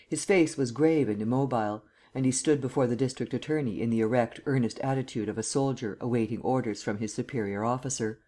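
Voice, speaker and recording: A man reads an audiobook aloud in a steady, measured voice of medium pitch.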